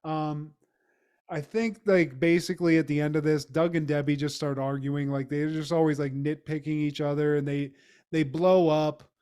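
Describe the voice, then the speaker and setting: A man's voice: on the high side, fairly even intonation, moderate pace, a little mellow, clear, resonant tone. A man co-hosting a podcast, recapping an episode in a loose, profane, rambling way with lots of fillers. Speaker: podcast co-host. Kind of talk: casual recap chat.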